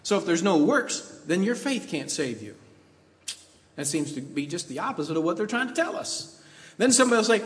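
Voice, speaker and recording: A man's voice: high voice, sing-song, fairly quick, big-room sound. A man preaching a sermon, emphatic and full of rhetorical questions as he quotes scripture.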